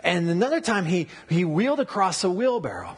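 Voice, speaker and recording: A man preaching a sermon, explaining word meanings and telling stories in an animated way. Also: high voice, brisk, slightly rough. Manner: animated storytelling with wordplay and asides. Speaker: pastor.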